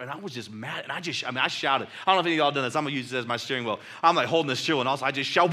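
A male pastor preaching a sermon in a loose, conversational storytelling way, full of fillers and "like," acting out his own angry shouts. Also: on the high side, fast talker.

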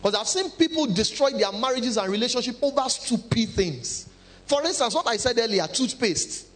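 A man preaching a sermon, animated and humorous, acting out quotes. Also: very high-pitched, normal speed. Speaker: pastor.

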